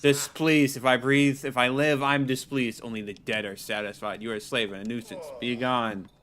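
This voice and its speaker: A man voicing a bitter game character who curtly dismisses a visitor, in a fairly loud, raised voice. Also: medium pitch, level tone, normal speed, natural voice. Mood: scornful. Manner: curt, haughty, dismissive.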